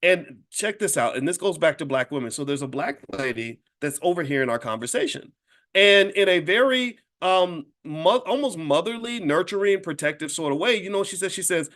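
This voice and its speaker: Brief: fifties man, slightly high voice, lively anecdotal talk, chatty asides to the crowd. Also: moderate pace. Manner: animated, addresses listeners directly as y'all. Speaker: speaker and wealth educator. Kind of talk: casual storytelling talk to an audience.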